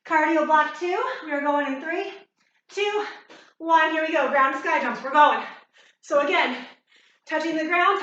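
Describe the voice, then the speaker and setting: A woman's voice: high voice, pushed and bright, heavy reverb, recorded from a distance, lo-fi sound. A woman fitness instructor leading a workout, cueing moves while exercising and getting out of breath.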